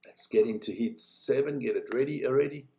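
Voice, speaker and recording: A man with a medium-pitched voice speaks fairly quickly while hosting a watch-along stream of a snowboard race, giving jokey, casual live commentary. Chatty between heats, he becomes excitable as the runs unfold.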